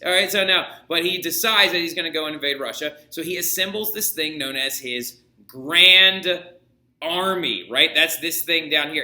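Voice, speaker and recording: A man's voice: on the high side, lively intonation, moderate pace, pushed and bright. A man teaching a history lesson in a casual, jokey way, checking in with his students again and again. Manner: casual, jokey, keeps asking "right?". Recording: echoey room.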